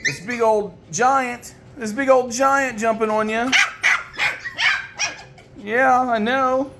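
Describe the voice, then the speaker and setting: A woman filming her puppies, chatting fondly and teasing them, and jumping into high baby talk whenever she calls one over. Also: steady tone, slow, heavy background noise. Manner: fond, chatty, teasing the pups. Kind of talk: casual running commentary while filming.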